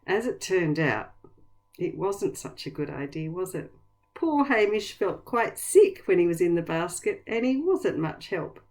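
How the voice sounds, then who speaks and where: Slow, lively woman teacher for kids. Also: fairly low pitch. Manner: encouraging, speaks slowly and clearly to kids. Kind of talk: vocabulary lesson for young children.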